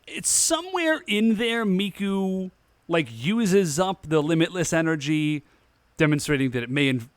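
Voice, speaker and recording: A man co-hosting a podcast in casual chat, recapping the plot in a relaxed way. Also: high voice, unhurried, no room sound. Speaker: podcast co-host.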